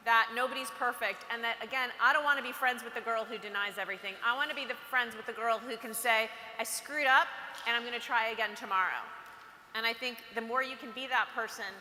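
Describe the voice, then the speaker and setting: A woman giving a chatty, animated motivational talk to teenage girls at an event, often acting out what girls say to each other. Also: on the high side. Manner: chatty, animated, acts out quotes. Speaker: speaker at a girls' empowerment event. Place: event hall. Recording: roomy hall with faint ambience.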